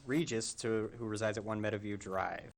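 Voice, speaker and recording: A man reading out agenda items and letters at a town board meeting, plain and quick, with small stumbles. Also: on the low side, fairly even intonation, creaky. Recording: faint noise on meeting audio.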